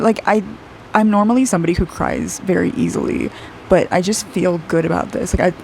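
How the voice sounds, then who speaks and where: A woman's voice: lowish voice, gravelly, a little mellow, slight background noise. A woman in her twenties giving a casual intuitive aura reading while she draws, chatty and rambling, dropping "like" often and laughing a lot. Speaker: aura reader and artist.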